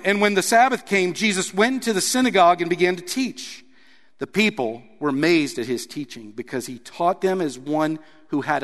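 Animated preaching man in reverberant hall. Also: fairly high pitch. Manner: animated preaching, reading scripture aloud. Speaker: pastor. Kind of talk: sermon.

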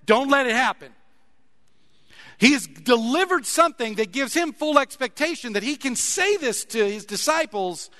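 A man pastor preaching a sermon, emphatic, with dramatic pauses and loud, passionate peaks. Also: high voice, big-room sound.

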